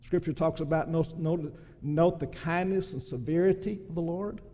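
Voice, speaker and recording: A man's voice: fairly high pitch, steady tone, normal speed, dark tone. A male pastor preaching a sermon in a church, fervent and emphatic with frequent restarts. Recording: long hall reverb.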